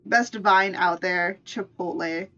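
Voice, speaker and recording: A woman's voice: on the low side, steady tone, slow, sharp tone, muffled recording, soft background music. A woman streamer in playful, casual live-stream chat, laughing often. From United States.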